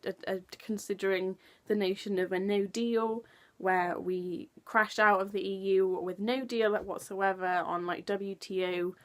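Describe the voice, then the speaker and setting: A young woman ranting in a political opinion vlog, heated and swearing, packing her speech with "like". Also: medium pitch. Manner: heated, swearing, heavy use of "like". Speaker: political vlogger.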